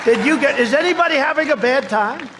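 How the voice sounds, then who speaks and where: In a very noisy recording from a large rally venue, a male politician speaks fast and expressively into a podium mic with an extremely high pitch. He tells the crowd boastful stories, repeating himself.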